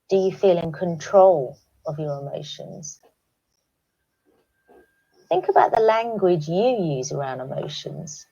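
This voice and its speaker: A woman speaking calmly to teachers, guiding them through reflective questions in a recorded online talk. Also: medium pitch, lo-fi sound. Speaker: education speaker. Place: home, recorded remotely.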